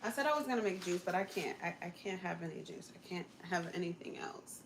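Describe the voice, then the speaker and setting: A woman's voice: lowish voice, lively intonation, a little fast, creaky, noisy background. Chatty woman answering livestream comments. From United States. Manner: chatty, laughs often, answers viewer comments. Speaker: livestream host. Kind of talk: casual livestream chat.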